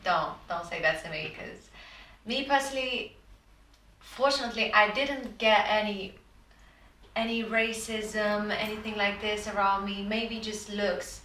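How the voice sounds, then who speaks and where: A woman's voice: medium pitch, unhurried, sharp tone. A young woman, speaking English in an earnest, emphatic casual chat. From Romania. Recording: roomy, distant mic, faint hum.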